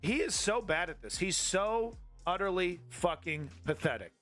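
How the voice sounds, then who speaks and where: A man hosts a live-streamed political commentary show in a fairly high, bright voice. He rants with heavy profanity and biting sarcasm, while faint music plays underneath. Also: lively intonation, moderate pace. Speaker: host.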